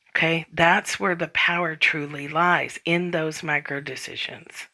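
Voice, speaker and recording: A woman's voice: low-pitched, steady tone, a little slow, sharp tone. A woman hosting a spiritual self-help podcast, talking casually and bluntly, swearing freely and acting out inner voices. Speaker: podcast host.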